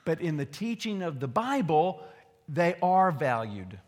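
A man, a pastor preaching a sermon in a conversational way, dropping low for asides and rising for emphasis. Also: big pitch swings, unhurried. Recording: long hall reverb.

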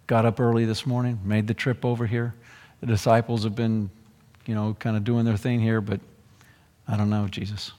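A man acting out a worried, doubting father of a sick boy, speaking haltingly and trailing off, in a hall with long reverb. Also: lowish voice, level tone, mellow, pitched below the performer's own voice, natural voice. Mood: hesitant.

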